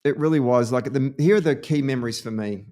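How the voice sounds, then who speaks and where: Australian male podcast host, chatty and animated, trades campaign yarns. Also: medium pitch, quick pace. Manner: animated storyteller, lively anecdotes. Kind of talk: casual political chat.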